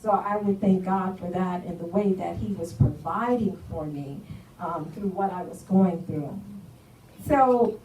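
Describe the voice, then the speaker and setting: A woman's voice: on the low side, a little slow, warm tone. A middle-aged woman giving a personal testimony, telling her story earnestly and acting out what others said. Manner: earnest storytelling, acts out dialogue. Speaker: guest speaker giving a testimony. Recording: echoey room, from far off, faint noise.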